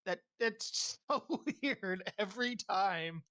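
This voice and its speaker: A game master running a tabletop role-playing session, casual and quick to laugh, restarting sentences often. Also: mid-range voice, bright, forceful tone.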